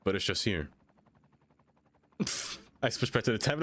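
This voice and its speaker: A man's voice: on the low side, unhurried, pauses often. Young man, live streamer, casual chat with viewers, jokey, laughs a lot, voice swings up and down. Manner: animated, joking, laughs often, reacts to chat.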